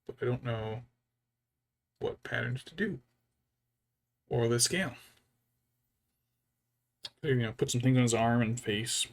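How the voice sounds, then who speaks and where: A man's voice: mid-range voice, a little slow, pauses often. A man casually thinking aloud as he paints a miniature, rambling and musing to himself. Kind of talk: casual hobby vlog chat.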